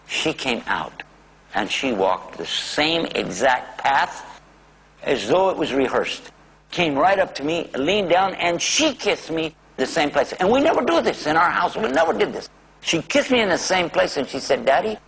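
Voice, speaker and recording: A man telling a personal faith story in a religious talk, animated and acting out the voices. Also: fairly high pitch, moderate pace, gravelly, husky, poor audio. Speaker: speaker.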